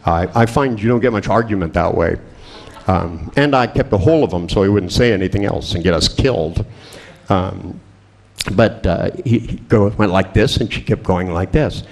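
A man with a low voice and a gravelly, fry-laden edge tells stories at a seminar. He speaks as a hypnotist, with a wry, boastful humor and frequent chuckles. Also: moderate pace, a little mellow. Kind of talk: anecdotal storytelling lecture.

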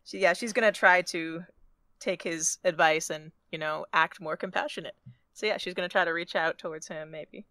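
Woman, tabletop player, bright tone, slightly low pitch, hesitant, rambling, dry close sound. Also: moderate pace, dry recording. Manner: hesitant, rambling, many "like" fillers, laughs often. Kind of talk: casual tabletop role-play.

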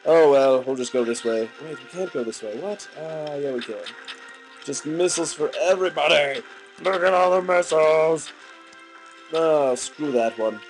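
A man's voice: on the high side, moderate pace, faint music behind, rough recording. A young man with a sore, gunky throat giving goofy gaming commentary full of silly outbursts. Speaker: let's play commentator.

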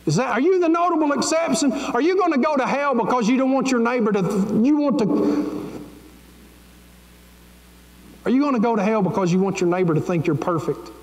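A man's voice: extremely high pitch, fairly quick. A man preaching a fervent, pleading sermon as pastor of his church. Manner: fervent, pleading, folksy preaching with Southern grammar. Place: church sanctuary. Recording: echoey church sanctuary with long reverb.

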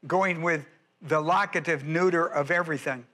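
A male pastor works through a verse in an expository sermon, leaning hard on each point and repeating his key words. His voice sits high and bright for a man, with a forceful edge. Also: moderate pace.

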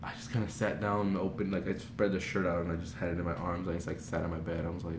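Young man telling an excited story. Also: sits low, fast talker, few pauses. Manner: breathless, swings into loud shrieks when reenacting. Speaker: vlogger. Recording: echoey room with faint noise.

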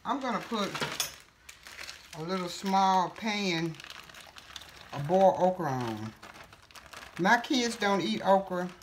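A middle-aged woman hosting a casual home cooking tutorial, talking in a relaxed, chatty way with fillers and self-corrections. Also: mid-range voice, slow, pauses often, slight background noise. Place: home kitchen.

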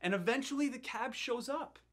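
A middle-aged male pastor telling a story in a sermon, animated and building tension, often repeating words as he goes. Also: very high voice, fairly quick.

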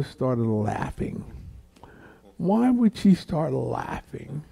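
Slow, dark-voiced man telling his testimony. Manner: slow, unhurried storytelling that raises the pitch for quoted voices. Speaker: guest speaker at a church Q&A. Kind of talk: personal testimony storytelling.

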